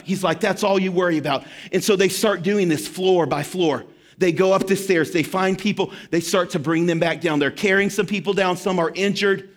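A man pastor telling a story in a sermon, dropping to a hushed tone for emphasis. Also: high voice, a little fast.

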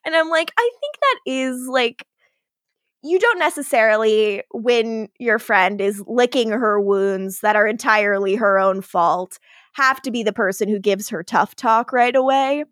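Woman podcast co-host, casual recap chat, a touch high-pitched, dry close sound, lively acted-out quotes. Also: no room sound. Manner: animated retelling with quick acted-out quotes.

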